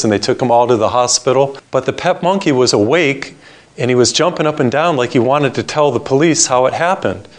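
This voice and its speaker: A man preaching a sermon, reading scripture and telling a joke, slowing down to stress his points. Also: medium pitch. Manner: storytelling, varied pace, emphatic slowing on key points.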